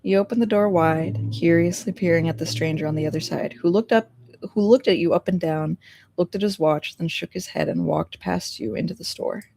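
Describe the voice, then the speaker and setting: A young woman streamer reading a story game aloud and reacting excitably, with laughing asides and loud outbursts. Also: fairly low pitch, a little fast, gravelly, slight background noise.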